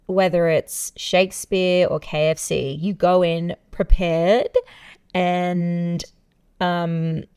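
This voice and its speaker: A woman with a somewhat low voice co-hosts a casual podcast. She is dryly sarcastic and wanders through her points with ums and musing asides. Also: a little mellow, clear, resonant tone. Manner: wry and sarcastic, with musing filler-laden tangents. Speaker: podcast co-host.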